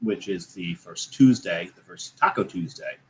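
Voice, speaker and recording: A man's voice: low-pitched, unhurried, a little hiss or hum, rough recording. A man co-hosting a casual talk show who explains things at length in a methodical way. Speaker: co-host. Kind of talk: casual chat.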